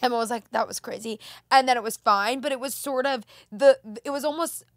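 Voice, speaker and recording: High-voiced woman telling a story, lively. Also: brisk, no echo, studio quality. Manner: animated storyteller, acts out her own yelps. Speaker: podcast guest. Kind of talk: casual chat.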